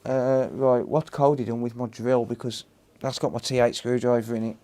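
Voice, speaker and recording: A man's voice: medium pitch, flat delivery, moderate pace, dark tone. Chatty English man streaming a repair. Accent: Black Country English. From England. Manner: chatty, laughs often, talks to chat by name. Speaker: livestream host. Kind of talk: casual live-stream chat while repairing.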